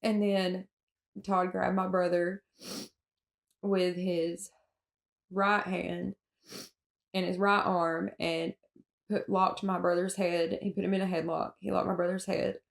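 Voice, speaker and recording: A Southern woman from Alabama, recounting her own story in an interview in a halting way, with many fillers and restarts and nervous laughs. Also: lowish voice, flat delivery, gravelly. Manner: emotional, with nervous laughs at hard moments.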